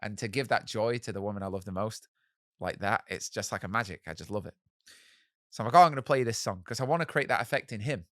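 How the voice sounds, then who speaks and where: A man in his thirties, a musician guest telling animated stories in an interview and acting out the voices of people he quotes. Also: on the low side, quick pace, no room sound, clean studio sound. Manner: animated, acts out quoted voices, swears casually. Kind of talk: storytelling in a podcast interview.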